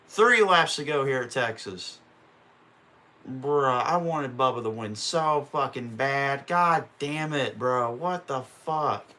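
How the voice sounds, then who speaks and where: A man's voice: medium pitch, sharp tone. A man on a live stream calling a stock car race lap by lap, swearing and ranting in open frustration between calls. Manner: profane, openly frustrated ranting. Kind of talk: casual live-stream play-by-play.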